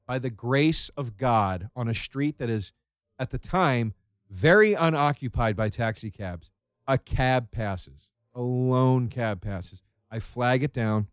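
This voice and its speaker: A man from Philadelphia hosting a podcast, telling a story in an animated, casual way and swearing freely. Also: mid-range voice, clear, resonant tone, dry recording, clean studio sound. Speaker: podcast host. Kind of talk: casual chat.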